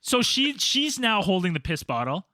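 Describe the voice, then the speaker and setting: High bright-voiced guy ranting thru a crude story on a podcast, dry close sound, gets loud doing the voices. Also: moderate pace, dry recording. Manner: animated, profane, acts out quotes loudly. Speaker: podcast co-host. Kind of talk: casual storytelling chat.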